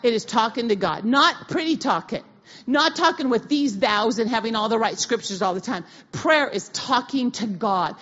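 Middle-aged woman pastor, higher pitched, chatty storytelling preacher; recording sounds dull and lo-fi. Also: moderate pace. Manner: animated storytelling with casual slang and restarts. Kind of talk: conversational sermon. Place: church sanctuary. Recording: dull, lo-fi audio of a church talk.

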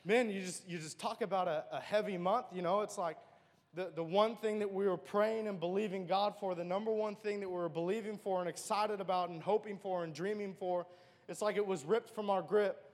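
A man's voice: sits high, fairly even intonation, brisk, big-room sound. A man giving an earnest, emotional personal testimony as a church speaker.

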